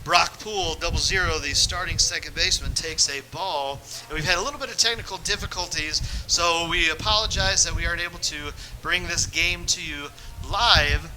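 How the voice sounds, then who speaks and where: A man's voice: a little high, bright, forceful tone, a little hiss or hum, rough recording. A man giving chatty, joking play-by-play commentary of a youth baseball game from a press box. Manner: chatty, jokey, quick with restarts. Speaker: play-by-play announcer. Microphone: press box mic.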